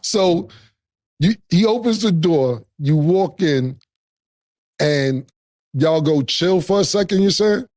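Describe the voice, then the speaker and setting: A man's voice: fairly high pitch, expressive, slow, long pauses, a little mellow, dry recording. Man asking questions, dry close sound. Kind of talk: casual chat.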